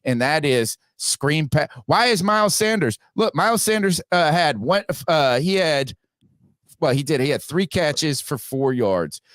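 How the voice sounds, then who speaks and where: A man's voice: a little high, expressive, measured pace, fairly bright tone, no room sound, clean studio sound. A man hosting a casual sports podcast, reading out viewer donations and giving blunt opinions with frequent restarts. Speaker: podcast host.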